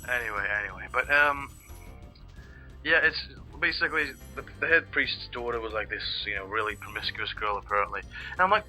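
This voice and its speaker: A man's voice: mid-range voice, a little fast, pushed and bright, faint music behind, poor audio. A man co-hosting a let's play, chatting casually in rambling sentences full of restarts and swearing. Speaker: let's play co-host watching. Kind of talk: casual gaming chat.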